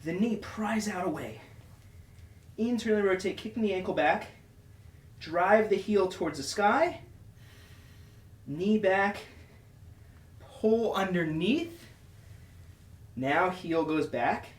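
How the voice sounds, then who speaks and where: A man's voice: sits high, animated, slow pace, pauses often, roomy sound, far from the mic. A man coaching a follow-along workout with short, encouraging cues, out of breath as he exercises along. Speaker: fitness instructor.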